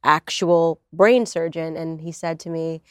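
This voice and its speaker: A woman's voice: low voice, fairly even intonation, unhurried, clean tone, dry recording, studio quality. A woman from the United States, a guest in a conversational interview, talking in a confident, earnest and reflective way.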